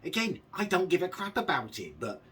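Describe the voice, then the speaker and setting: A man's voice: high voice, wildly swooping pitch, brisk, sharp tone, breathy edge, far from the mic. A man hosting a reaction video, ranting sarcastically and sounding exasperated. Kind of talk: casual reaction commentary.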